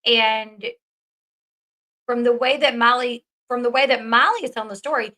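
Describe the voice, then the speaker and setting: Woman commentary host, bright, emphatic, casual swearing. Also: a little high, normal speed, poor audio. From American South.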